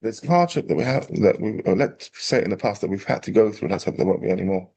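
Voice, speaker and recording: Gravelly low-voiced rabbi. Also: male voice, fast, dull audio. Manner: animated storyteller, acting out quotes. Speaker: rabbi teaching a class. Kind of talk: storytelling Torah class.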